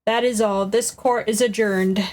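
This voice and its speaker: A woman's voice: medium pitch, fairly even intonation, a little slow, darkish tone, natural voice. Woman voicing a stern, formal old judge. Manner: formal, pronouncing. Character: stern male courtroom judge, easily flustered.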